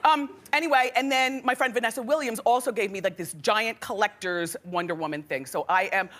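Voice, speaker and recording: A woman's voice: a little high, brisk. A middle-aged woman hosting a daytime talk show, chatting and gossiping with frequent laughs, a bit out of breath. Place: television studio with live audience. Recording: loud studio audience and noise.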